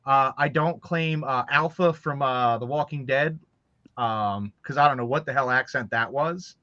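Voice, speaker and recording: Chatty, bright-toned man, lo-fi call. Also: medium pitch, a little slow, no echo. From Baltimore, Maryland. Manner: chatty, joking, rambling. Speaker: author co-guest. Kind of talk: casual chat. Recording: dull lo-fi sound.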